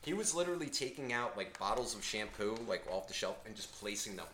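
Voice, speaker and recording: A man co-hosting a podcast, telling a story in a casual, profane, animated way. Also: fairly low pitch, fast talker, reverberant. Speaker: podcast co-host.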